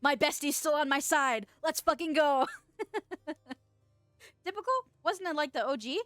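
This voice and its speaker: Chatty woman streamer, higher voice. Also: expressive, unhurried, a bit bright, no room sound, clean studio sound, soft background music. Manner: chatty, rambling, swears casually, laughs often. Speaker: VTuber streamer and singer. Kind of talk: casual livestream chat.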